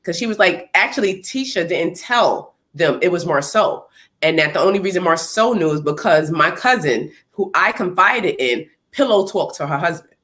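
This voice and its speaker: A woman co-hosting a casual chat show, talking in an animated, opinionated way and sometimes slipping into playful quoted voices. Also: lowish voice, moderate pace. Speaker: co-host.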